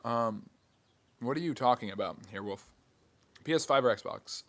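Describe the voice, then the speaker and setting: A man hosting a live history stream, reading chat questions aloud and answering with quick, dry jokes. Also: on the low side, lively intonation, fairly bright tone.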